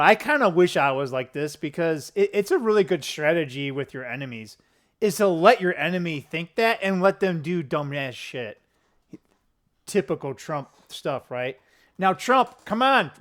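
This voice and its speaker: Middle-aged male vlogger, loose profane monologue, lively pitch swings, sits slightly high. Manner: profane, laughing, tangent-prone, animated swings in pitch. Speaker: political vlogger. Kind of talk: rambling casual monologue to camera. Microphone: camera close up at a desk.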